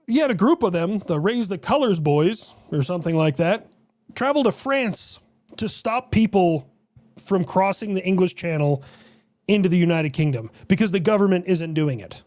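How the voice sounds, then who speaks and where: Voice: medium pitch, expressive, normal speed, darkish tone, no echo. A streamer with a mid-range voice talks through a reaction video in an offhand, sardonic way. The speaker swears now and then. The sound is close and dry. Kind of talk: casual reaction-stream chat.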